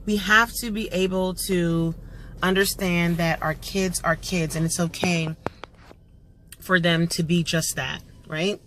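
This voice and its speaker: A woman in her thirties talks straight to other parents in a relaxed, encouraging way, pausing on um as she gathers her thoughts. Her voice sits on the low side, and a faint background noise runs under the recording. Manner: earnest and encouraging, with many um fillers. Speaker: homeschooling parent vlogger. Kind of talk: casual motivational talk to parents.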